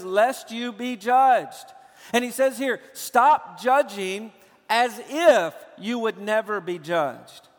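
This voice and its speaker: A man's voice: sits high, fairly bright tone. Emphatic preaching man in a reverberant hall. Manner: emphatic preaching, slows to stress key phrases. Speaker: pastor. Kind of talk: sermon.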